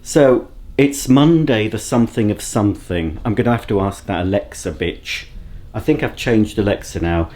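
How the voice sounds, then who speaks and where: A man's voice: lowish voice, expressive, normal speed, darkish tone. Rambling, self-mocking vlogger man. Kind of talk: casual solo vlog to camera. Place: at home, indoors. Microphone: handheld camera at arm's length.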